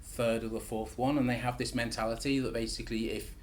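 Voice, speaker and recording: A man, a podcast guest answering questions in a relaxed, thoughtful way. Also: mid-range voice, brisk, slight background noise. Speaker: guest, tech conference founder. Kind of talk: casual podcast interview.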